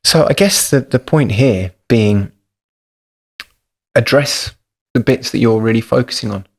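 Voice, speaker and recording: A man's voice: mid-range voice, unhurried. A man hosting a podcast, talking in a thoughtful, practical, explanatory way. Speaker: podcast host.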